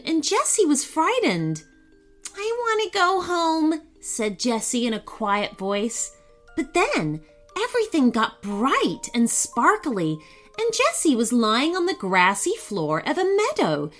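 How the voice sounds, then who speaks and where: A woman host reading a sponsor spot and narrating a children's story in a gentle, expressive read-aloud way. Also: a little high, takes it slowly, soft background music.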